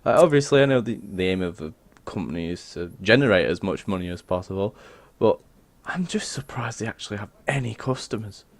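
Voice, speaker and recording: A man's voice: fairly low pitch, expressive, a little fast, no room sound. A man co-hosting a podcast, telling rambling, grumbling stories in a casual chat. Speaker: podcast co-host.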